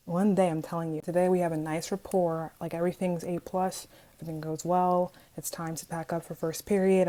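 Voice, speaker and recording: A woman's voice: lowish voice, rough recording. A young woman casually telling a storytime to her viewers, chatty and dramatic, often speaking to them directly. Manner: chatty, animated, dramatic asides, addresses viewers as guys. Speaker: vlogger.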